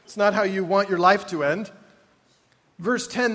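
A man's voice: sits high, unhurried, pauses often, a bit bright. A man preaching a sermon in a conversational way, with wry asides and mock groans. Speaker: pastor. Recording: long hall reverb.

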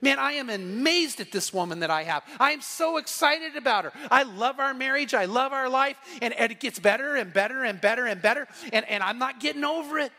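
Preaching with passion in a church sanctuary, a pastor in his sixties speaks in an extremely high, bright, forceful voice. He's animated and a little fast with few pauses, emphatically repeating phrases. The recording has long hall reverb.

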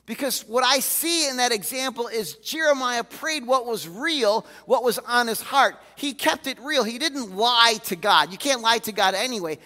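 A man preaching a sermon as a pastor, candid and animated, often acting out the voices he quotes. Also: extremely high pitch, normal speed, hardly any pauses. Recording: reverberant hall.

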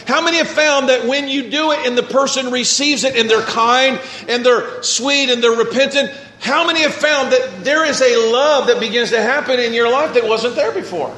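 A man's voice: very high voice, moderate pace, few pauses, pushed and bright, reverberant, a little hiss or hum. A male pastor preaching a sermon, reading scripture and acting out what people might say.

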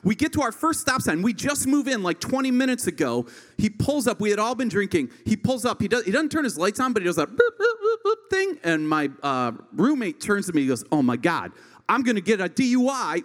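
A stand-up comedian in his thirties from rural Ohio tells an animated story, acting out the voices of the people in it. His voice is high, and the sound has a long reverb tail.

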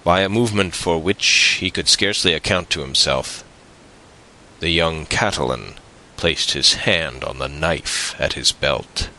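A man narrating a classic novel in a measured, deliberate way. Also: extremely low pitch, bright, forceful tone, a little hiss or hum, rough recording. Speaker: audiobook narrator. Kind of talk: scripted narration.

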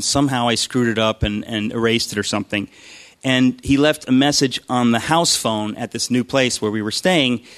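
A man's voice: medium pitch, a bit bright. A man casually telling a personal faith story, rambling and self-deprecating, with frequent restarts and asides.

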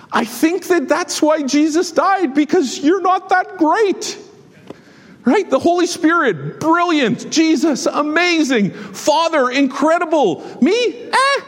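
A man preaching a sermon as a pastor, emphatic and exhorting his congregation with quick asides. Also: very high voice. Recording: long hall reverb.

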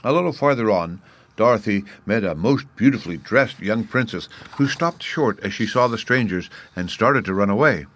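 A man narrating a classic storybook chapter in a measured, even way. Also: lowish voice. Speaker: audiobook narrator.

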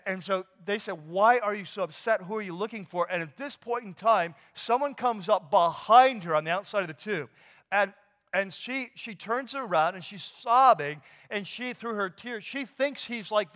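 A pastor retelling a scripture story in a sermon, animated and casual with slang and fillers. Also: male voice, high-pitched, normal speed. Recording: long hall reverb.

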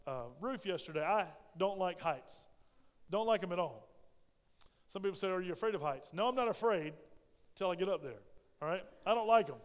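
A man's voice: high-pitched, big-room sound. A male pastor preaching a sermon in a folksy, storytelling way, often checking in with "right?". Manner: frequent "right?" check-ins.

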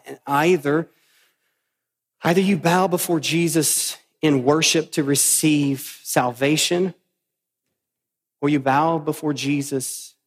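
A man's voice: medium pitch, in a large hall. A man preaching a sermon as pastor, emphatic and repeating phrases for stress.

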